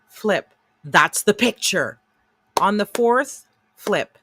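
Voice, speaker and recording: A woman from Canada co-hosting a livestream chat, talking in an animated way with plenty of swearing. Her voice is bright, with a dry close sound and no room around it. She acts out the people in her stories. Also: deep voice, dry recording. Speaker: co-host.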